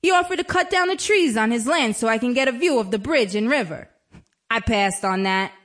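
Chatty woman with a high, lively voice. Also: fairly quick. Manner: chatty, wry, conversational. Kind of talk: dramatic storytelling monologue.

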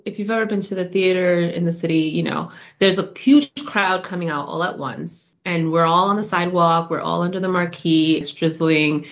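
A woman, a guest on a radio interview, retelling a personal story in an animated, emotional way, laughing now and then. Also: fairly low pitch, normal speed, hardly any pauses, dull audio. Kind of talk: casual storytelling.

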